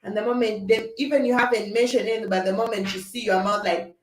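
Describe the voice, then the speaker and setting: A woman chatting with her live audience in an animated way, laughing often and acting out quarrels. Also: mid-range voice, quick pace. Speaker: livestream host. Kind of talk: casual chat with live comments. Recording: echoey room.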